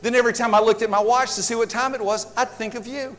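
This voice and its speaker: Animated man telling funny stories. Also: very high voice, quick pace, in a large hall, a little hiss or hum. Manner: animated, joking storyteller. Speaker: seminar speaker. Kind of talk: humorous seminar storytelling.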